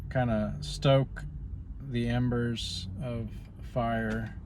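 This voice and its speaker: Speaking very slowly in a flat, medium-pitched voice, a man vlogs in a rambling, casual way, pausing often on "you know" as he wanders from politics to his personal life. Background noise can be heard.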